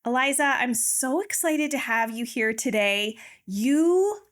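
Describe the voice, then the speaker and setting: A woman's voice: high voice, expressive, measured pace, a bit bright. A woman hosting a podcast, eager and chatty, with plenty of fillers as she talks. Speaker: podcast host. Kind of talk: casual interview chat.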